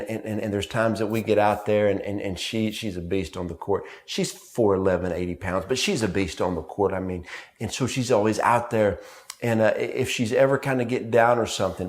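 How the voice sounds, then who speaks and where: A man preaching a sermon, telling family stories with rhythmic, repeated emphasis. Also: on the low side. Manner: storytelling with family anecdotes.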